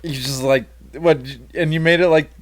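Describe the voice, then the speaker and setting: A man co-hosting a podcast in casual chat, making wry jokes and laughing quickly. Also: fairly high pitch, steady tone. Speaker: podcast co-host.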